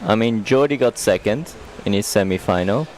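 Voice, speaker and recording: A man's voice: fairly low pitch, normal speed, low-quality recording. A man co-commentating a race outdoors, chatty and asking his partner questions. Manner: chatty, asks questions, lively intonation. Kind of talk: casual commentary chat.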